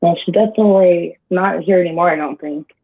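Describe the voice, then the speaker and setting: A woman's voice: fairly low pitch, brisk, dry recording. A woman joining a livestream chat by call, giving brief agreeing replies. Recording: tinny phone-like line.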